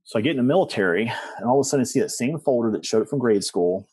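A man's voice: medium pitch, animated, rapid-fire, a little mellow, husky, dry recording. A middle-aged man telling personal stories as a guest, rambling with restarts and asides. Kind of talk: personal storytelling in conversation.

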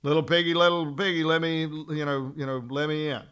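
The big bad wolf, told by a man in a casual storytelling voice. He has a fairly high male voice that dips a little lower for the wolf's threats. The delivery is a sing-song retelling rather than full character acting. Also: flat delivery, fairly quick, a bit bright, clean tone, lightly acted. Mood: demanding.

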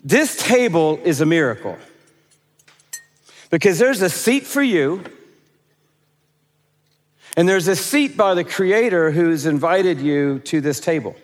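A man preaching a conference sermon, playful and animated, rising and dropping his voice for emphasis. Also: on the high side, slow, pauses often. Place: large conference hall stage. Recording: long hall reverb.

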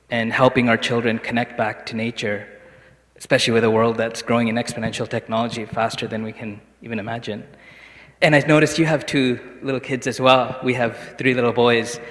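A man in the audience earnestly asking the speaker a question, slightly halting as he finds his words. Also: mid-range voice, a bit bright. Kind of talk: question from the floor. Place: lecture hall. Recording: reverberant hall.

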